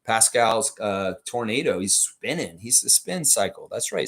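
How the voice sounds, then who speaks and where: A man's voice: lowish voice, lively intonation, a little slow, hardly any pauses, a bit bright. A man hosting a live stream, chatting casually and reading viewer comments aloud with rambling, opinionated takes.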